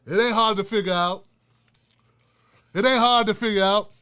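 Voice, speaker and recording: A man's voice: sits high, moderate pace, bright, forceful tone, smooth. An older man hosting a profane, fiery political rant with a preacher-like cadence. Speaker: political commentator host. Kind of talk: ranting political commentary.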